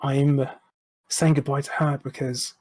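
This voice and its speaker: A man's voice: mid-range voice, little pitch movement, unhurried, a little mellow, rough recording. A man, speaking frankly and reflectively as a podcast guest, swearing now and then. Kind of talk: candid interview chat.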